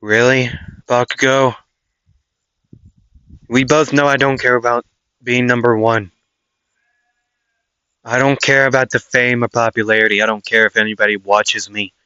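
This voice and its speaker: A man voicing an earnest, calm teenage boy hero who speaks firmly and steadily, in a dull lo-fi recording. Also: medium pitch, moderate pace, long pauses, smooth, dry recording, natural voice.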